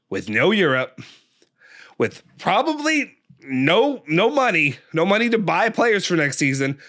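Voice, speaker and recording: Frustrated man ranting, bright tense voice. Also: on the high side. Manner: frustrated, angry ranting with rhetorical questions. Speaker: host of a football fan channel. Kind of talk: fan match reaction rant.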